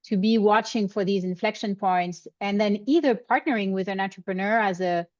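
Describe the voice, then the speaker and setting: A woman's voice: mid-range voice, normal speed, no room sound. Podcast host woman, muffled dry sound. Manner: thinks aloud with many restarts. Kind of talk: podcast interview.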